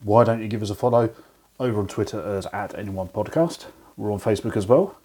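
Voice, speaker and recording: A man hosting a podcast, speaking hushed late at night in a poor-quality home recording. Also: fairly low pitch, a little fast, slightly rough. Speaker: podcast host. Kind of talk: podcast outro.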